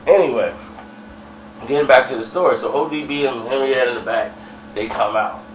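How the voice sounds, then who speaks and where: A man's voice: medium pitch, a little fast, a crowd in the background. A man telling a story in a loose, slangy, rambling way. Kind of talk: casual storytelling. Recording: roomy, distant mic, faint ambience.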